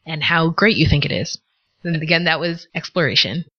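A woman co-hosting a podcast, teaching vocabulary in a scripted lesson and explaining words with example sentences in a measured way. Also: deep voice. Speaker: podcast co-host. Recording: dull lo-fi recording.

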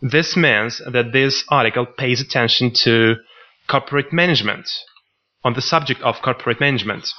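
A man co-hosting a podcast, teaching vocabulary in a scripted lesson and reading out example sentences in a measured way. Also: medium pitch. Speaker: podcast co-host. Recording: dull lo-fi recording.

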